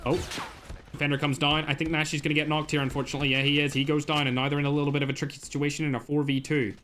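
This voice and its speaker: A young man streaming live, calling an esports tournament with a slightly high voice. He bursts into frequent exclamations and keeps talking to his chat between plays. A faint hiss sits under the recording. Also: level tone, rapid-fire, a bit bright. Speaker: streamer casting a mobile shooter tournament.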